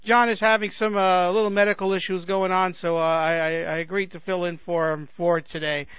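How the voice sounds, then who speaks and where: A man's voice: high voice, level tone, brisk, clean tone, no echo. Rambling man on a tinny phone line. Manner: rambling, self-deprecating, many restarts. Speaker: radio host filling in. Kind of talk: casual radio chat. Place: home in Chicago.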